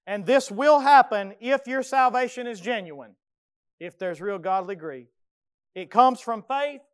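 A pastor preaching a sermon with passion, swinging between loud pleading and hushed intensity. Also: male voice, sits high, clean tone, dry recording, clean studio sound.

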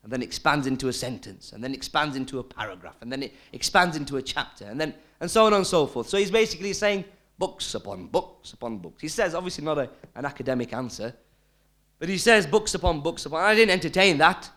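Animated preacher man, high and lively. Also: fast talker. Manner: emphatic, rhetorical questions, swings from loud to hushed. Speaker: Islamic preacher. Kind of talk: sermon.

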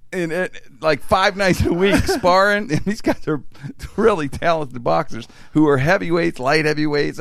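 A middle-aged man from Pittsburgh telling a story in casual chat, animated and profane, with many restarts. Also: on the high side, gravelly, dry recording.

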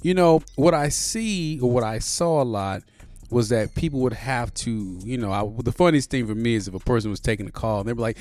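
A man's voice: mid-range voice, fairly quick, dry recording. A man in his forties hosting a podcast in a casual monologue, laid-back and profane, with lots of "you know" fillers. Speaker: podcast host. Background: soft beat playing underneath.

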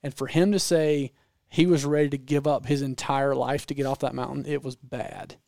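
A man with a Southern American accent telling stories in casual podcast chat, animated and rambling with frequent restarts. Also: medium pitch, moderate pace, vocal fry, no room sound, studio quality. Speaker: podcast guest storyteller.

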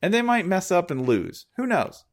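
Chatty sports podcast guy, voice swings all over, jokey and animated. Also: normal speed. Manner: animated, joking, voice jumps up high when excited. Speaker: podcast co-host. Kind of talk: casual sports chat.

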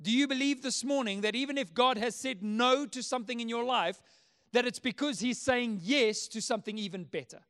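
Very high-voiced male pastor preaching. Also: a little fast, fairly bright tone. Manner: earnest, emphatic preaching with repeated phrases. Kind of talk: sermon.

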